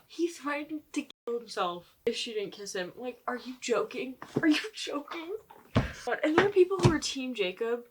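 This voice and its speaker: A woman's voice: mid-range voice, background noise. A woman in her twenties casually vlogging about books, exasperated, swearing freely and laughing through her rants. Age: 20s. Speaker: book vlogger. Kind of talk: casual vlog commentary.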